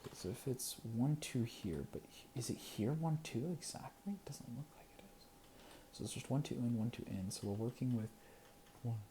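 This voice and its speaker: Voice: mid-range voice, animated, normal speed, warm tone, slight background noise. A creator talking casually to themselves over gameplay, counting under their breath, chuckling and dropping into whispers now and then. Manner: muttering and counting to self, chuckling, sometimes whispering.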